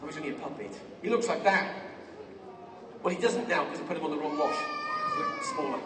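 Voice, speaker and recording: A man's voice: fairly high pitch, expressive, fast, distant mic, very noisy. Playful man doing a kids' magic show. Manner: playful and exaggerated, yelps in mock pain. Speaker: children's magician. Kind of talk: live stage magic show for children. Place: large theatre stage before a crowd. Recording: roomy hall with loud crowd, miked from afar.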